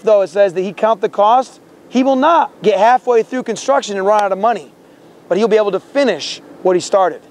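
A male street preacher with a strikingly high-pitched voice, preaching outdoors on a campus. He talks fervently and confrontationally, stacking scripture quotes and stumbling into repeated words as he presses his point. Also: darkish tone. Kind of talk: confrontational open-air preaching.

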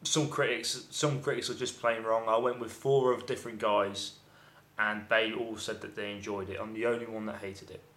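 A man's voice: fairly low pitch, fairly even intonation, normal speed, fairly bright tone. A man giving a rambling, profanity-laced film review, often exasperated. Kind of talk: casual ranting film review. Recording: echoey room.

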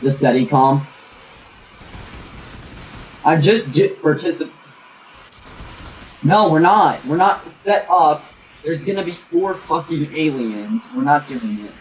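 Young male gamer, crude and bantering, slightly high voice; distant lo-fi mic with light hiss. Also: expressive, slow, pauses often. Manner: crude, joking, bickering with teammates. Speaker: gamer streaming with friends. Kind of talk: casual party chat over gameplay.

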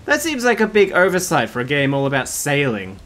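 A man's voice: fairly high pitch, wildly swooping pitch, a little fast, fairly bright tone. A man streaming a video game, joking and sarcastic with the characters, laughing often and swearing in casual commentary.

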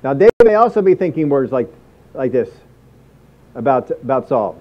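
A man preaching, his voice sitting somewhat high for a man. He presses his points with repeated phrases and acts out what people think. The recording sounds muffled and lo-fi. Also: sing-song, fairly quick. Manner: emphatic preaching with repeated phrases and acted inner thoughts. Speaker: pastor. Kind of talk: sermon.

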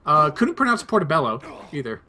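Over crowd noise, a young man with a high voice and big pitch swings speaks briskly. He hosts a two-player let's play, laid-back as he rambles through a personal anecdote.

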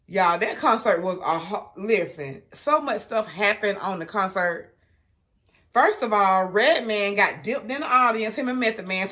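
A woman's voice: medium pitch, fairly bright tone. A woman, chatting casually to viewers as a food vlogger and laughing often.

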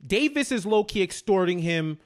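A young man talks through a TV episode with a co-host, his pitch swinging up and down as he acts out the scenes. He starts over often and keeps a loose, casual pace. The delivery is lively and conversational. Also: normal speed. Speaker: podcast co-host. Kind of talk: casual chat.

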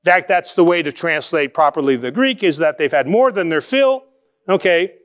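A male pastor giving a conversational sermon, asking rhetorical questions and shifting between quick asides and slow, emphatic phrases. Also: on the high side, expressive, a bit bright.

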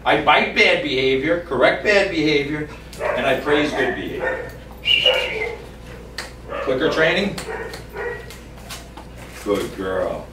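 A man with a high-pitched voice explains dog training step by step, calm and emphatic, now and then turning to the dog. He is recorded from some way off, with echo and a clear noise floor behind him. It sounds like casual camera audio. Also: unhurried, pauses often. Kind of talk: on-the-spot training demonstration. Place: yard and doorway of a house. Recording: distant, echoey camera audio with background noise.

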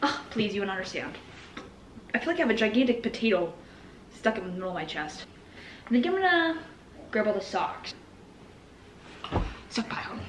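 A woman's voice: mid-range voice, very animated, normal speed, long pauses, a little hiss or hum. A young woman vlogging casually at home, scattered and self-mocking. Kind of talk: casual talking to camera. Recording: echoey room with faint ambience.

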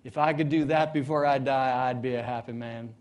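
A man's voice: medium pitch, fairly even intonation, brisk, darkish tone, natural voice. A man voicing a pompous male agile coach on death row, speaking formally in a told joke.

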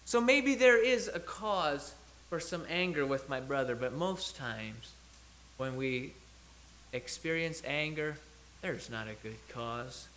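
A man's voice: fairly high pitch, lively intonation, unhurried, sharp tone, slight background noise. A man preaching a sermon in church, talking it through in a conversational way with restarts and self-corrections as he thinks aloud.

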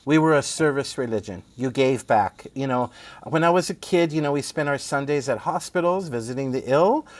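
A man's voice: mid-range voice, normal speed, no echo. A middle-aged man, a playwright guest telling stories in casual conversation, laughing often and asking "right?". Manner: animated storyteller who laughs often and asks "right?".

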